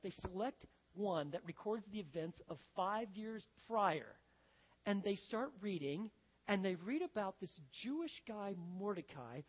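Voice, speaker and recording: A man preaching a sermon as a pastor, telling a story in an animated, conversational way. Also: high voice. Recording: dull lo-fi sound with long hall reverb.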